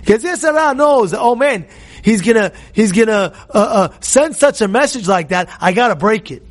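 A man with a very high voice preaches in a passionate style. He repeats key words over and over and often breaks into shouts. His tone swings from hushed and slow to loud and insistent. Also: expressive. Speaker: rabbi giving a lecture. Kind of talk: impassioned Torah talk.

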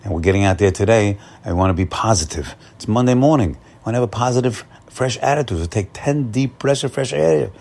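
A man's voice: fairly low pitch, quick pace, vocal fry, hardly any pauses, a little mellow. A man giving an upbeat, encouraging morning Torah talk, often repeating and restarting his phrases. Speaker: Torah teacher.

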